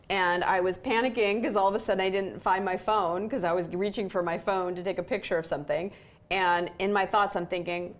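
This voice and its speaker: A woman co-hosting a relationship show, telling a story candidly and acting out quoted lines with animation. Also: mid-range voice.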